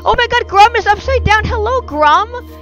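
A woman narrates her game with big swoops in pitch and a bright, sharp tone. She is excitable and yelps at every mishap, and soft music plays faintly behind her. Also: moderate pace, muffled recording. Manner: excitable, yelps and cries of no at danger. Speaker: gaming video host. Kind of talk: casual Minecraft gameplay commentary.

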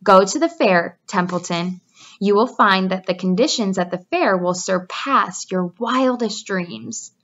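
A woman's voice: medium pitch, measured pace, fairly bright tone. An old female sheep coaxes in a knowing, savoring voice, as a woman reads her part. She lingers over every item she lists. The storybook reading is muffled and lo-fi. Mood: coaxing. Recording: dull lo-fi recording.

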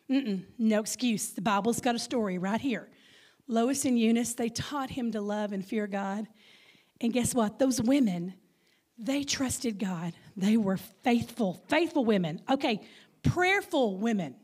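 A woman's voice: a little high, lively intonation, measured pace, darkish tone. A woman in her fifties with a Texas accent, giving a playful Mother's Day sermon and calling out questions to the congregation. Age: 50s. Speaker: guest speaker. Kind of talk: Mother's Day sermon with audience call-and-response.

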